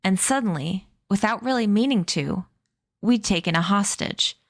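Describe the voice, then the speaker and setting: A woman streamer narrating a novel aloud in a steady, even reading voice. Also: mid-range voice, normal speed, no room sound, studio quality. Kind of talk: read-aloud storybook narration.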